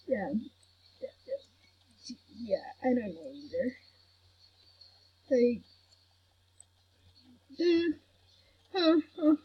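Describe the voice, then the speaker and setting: A woman's voice: high-pitched, highs cut off. A woman hosting a gaming channel, chatting casually over gameplay and grumbling that she is not mad. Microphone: computer recording mic.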